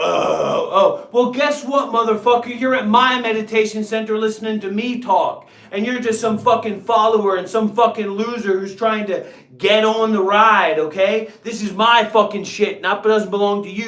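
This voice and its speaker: A scornful man rants through a livestream, swearing freely and stretching out his pauses. His voice sits higher than most men's, and the room around him rings with echo. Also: fairly bright tone. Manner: profane, scornful, drawn-out pauses. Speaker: meditation channel host. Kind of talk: profane livestream rant. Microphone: livestream setup. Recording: echoey room.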